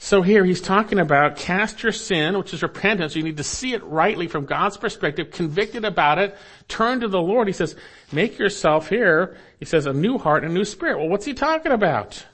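Speaking at a moderate pace in a husky voice that sits high, this preacher delivers an expository sermon. He is earnest and exhorting, alternating emphatic and hushed lines while calling the listener "my friend" directly.

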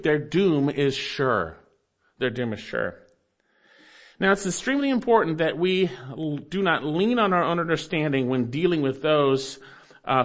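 Emphatic preaching man, higher voice. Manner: emphatic preaching, repeats key phrases, swings loud and soft. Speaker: pastor. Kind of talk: sermon.

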